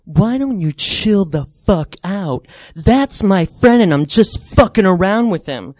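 A man voicing a hostile grown man in a grocery checkout line, loud and swearing. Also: high-pitched, expressive, unhurried, no room sound, studio quality. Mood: aggressive.

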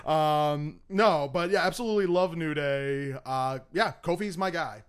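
A man co-hosting a casual podcast chat, telling stories with animated acted-out quotes. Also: a little high, unhurried, clean tone. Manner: animated storyteller, acts out quotes. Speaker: podcast co-host.

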